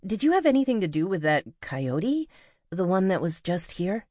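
A woman voicing a frightened but defiant young woman confronting an intruder, sharp and demanding. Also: lowish voice, big pitch swings, normal speed, dry recording, clean studio sound, pitched above the performer's own voice. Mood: tense.

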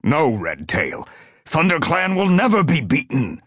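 A man's voice: on the low side, animated, measured pace, no room sound, studio quality. Tiger Claw, a man growling as a fierce tomcat warrior. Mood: commanding. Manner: growling, commanding. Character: fierce massive dark tabby tomcat warrior.

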